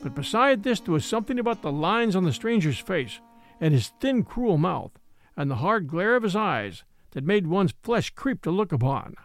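Male narrator for an old adventure tale, expressive, high lively voice, dry close sound. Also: normal speed, dry recording, soft background music. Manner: expressive, storytelling.

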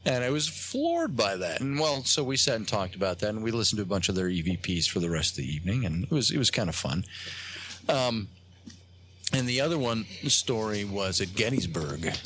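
A man with a fairly low voice, a talk show guest telling a long personal anecdote. He talks in a halting, rambling way, full of pauses and restarts, and slips into the voices of the people he quotes. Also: big pitch swings, fairly bright tone, slight background noise. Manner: halting, many fillers and restarts, acts out quotes.

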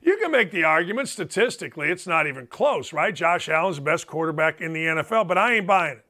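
Male sports talk host, high bright voice, animated pitch, emphatic and argumentative. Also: fast talker. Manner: emphatic, argumentative, mock-quotes critics in a higher voice. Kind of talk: opinionated sports talk monologue.

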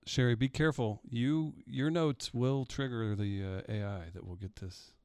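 A man's voice: medium pitch, normal speed, a little mellow, clear, resonant tone, dry recording, clean studio sound. A man who is a regular on a live talk show, wry and steering the conversation.

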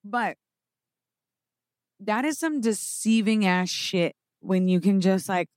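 A woman's voice: mid-range voice, slow, darkish tone, dry recording, studio quality. A woman co-hosting a podcast in casual banter, pushing back bluntly and teasing her co-host.

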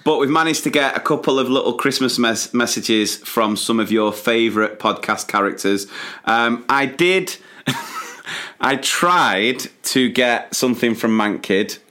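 A man's voice: mid-range voice, unhurried, sharp tone. Laid back podcast guy, mid voice, laughs a lot, lots of ums. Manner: laughing, easygoing with fillers. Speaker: podcast co-host. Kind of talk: casual chat.

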